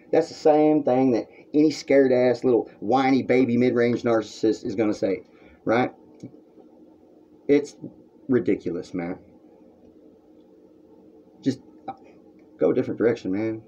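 A man's voice: medium pitch, moderate pace, long pauses, mellow. A man on his own vlog, talking in a crude, rambling and heated rant to the camera from a room at home, on a dull lo-fi recording. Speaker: vlogger. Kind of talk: ranting monologue to camera.

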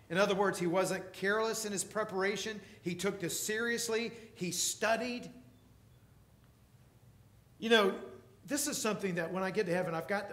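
Emphatic male preacher, echoey church. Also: sits high. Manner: emphatic preaching, swings between loud and soft. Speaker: pastor. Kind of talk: sermon.

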